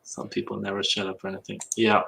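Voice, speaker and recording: A man's voice: on the low side, monotone, fast, gravelly, sharp tone, a little hiss or hum. A man co-hosting a casual livestream, easygoing and self-deprecating, speaking over a computer mic. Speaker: co-host of a reseller livestream. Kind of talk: casual livestream chat while working.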